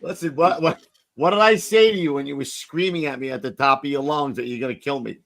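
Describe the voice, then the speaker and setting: A man, a firefighter, ribbing a colleague with halting questions full of uh. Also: fairly high pitch, creaky, a bit bright. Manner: needling, halting with uh. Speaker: firefighter, guest. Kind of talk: casual chat.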